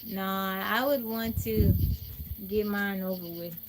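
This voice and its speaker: A woman hosting a phone livestream, telling a childhood story to her chat in a chatty, animated way with laughs. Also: medium pitch, slow, noisy background. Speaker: livestream host. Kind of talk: casual storytelling to a live chat. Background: crickets and insects.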